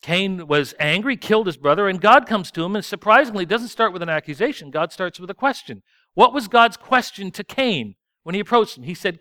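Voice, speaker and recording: A man's voice: sits high, lively intonation, brisk, bright, forceful tone, no room sound, studio quality. A man preaching a sermon in a conversational, self-deprecating way. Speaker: pastor.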